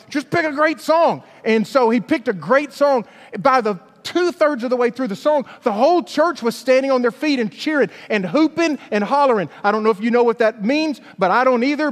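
A man's voice: very high voice, in a large hall. A man in his forties, a pastor, telling a humorous, self-deprecating story in a sermon.

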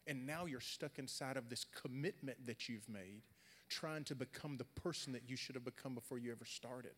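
A young adult man preaching a sermon, swinging from loud, animated storytelling to quiet, earnest talk. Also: medium pitch, normal speed. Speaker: pastor. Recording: long hall reverb.

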